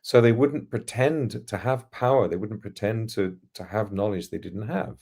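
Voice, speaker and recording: A middle-aged man with a posh, trained English accent tells childhood stories in an articulate, reflective way. His voice sits very low and carries a gravelly fry. He speaks as a podcast guest, laughing now and then. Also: moderate pace, mellow. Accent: standard English, trained by acting lessons. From England, East London. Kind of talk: casual storytelling in an interview.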